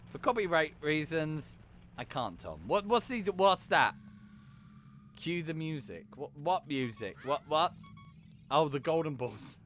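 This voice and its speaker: Lively, swearing man streaming games. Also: on the high side. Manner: chatty, swears freely, quick jokes and asides. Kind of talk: casual live-stream chat while gaming.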